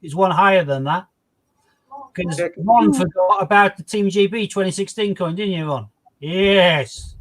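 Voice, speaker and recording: A man's voice: high voice, normal speed. A man playing a quiz with friends, explaining his reasoning with false starts. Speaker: quiz player. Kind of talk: casual chat during a quiz game.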